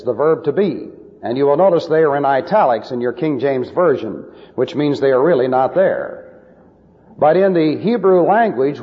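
A man's voice: medium pitch, in a large hall, muffled recording. A male preacher giving emphatic, lecture-style Bible teaching with numbered points.

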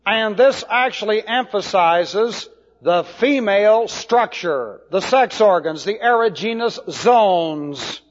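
A man teaching a sermon, slow and deliberate, spelling out Hebrew words letter by letter. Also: high-pitched, expressive. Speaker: Bible teacher. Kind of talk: expository sermon. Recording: dull lo-fi hall recording.

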